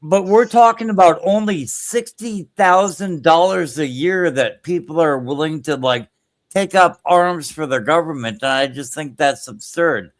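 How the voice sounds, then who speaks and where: A man hosting a live stream, speaking hesitantly with many "uh"s, calmly pushing back on a guest. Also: a little high, a little slow. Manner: hesitant, full of "uh", calm reproach. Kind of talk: casual chat.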